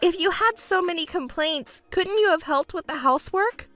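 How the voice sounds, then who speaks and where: A woman's voice: extremely high pitch, moderate pace, a bit bright, no room sound, faint music behind, pitched above the performer's own voice. A woman voicing a young overworked fiancée who pleads and argues back defensively. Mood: pleading. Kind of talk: texting story voice acting.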